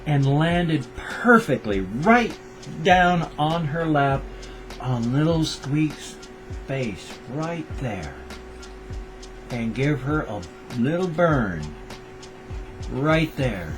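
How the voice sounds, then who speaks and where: A man's voice: fairly high pitch, lively intonation, takes it slowly, faint music behind. An older American man rambling in a casual daily vlog, tender and repetitive as he talks about his pets. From United States. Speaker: vlogger.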